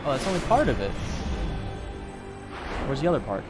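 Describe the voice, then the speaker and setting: A man's voice: mid-range voice, sing-song, normal speed, over loud music. A man streaming a game, chatting casually and joking about what he sees. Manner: playful, joking, reacts to the game. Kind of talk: casual gameplay commentary.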